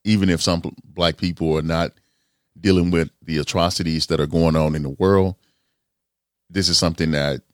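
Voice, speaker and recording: A man hosting a podcast in a casual, drawn-out talking manner. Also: sits low, no echo, clean studio sound. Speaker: podcast host.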